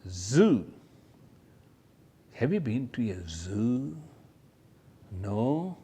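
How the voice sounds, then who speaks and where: A man teaching kindergarten children, talking straight to them about letters and toys in a slow, sing-song way and imitating sounds. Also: mid-range voice, sing-song, dark tone, a little hiss or hum.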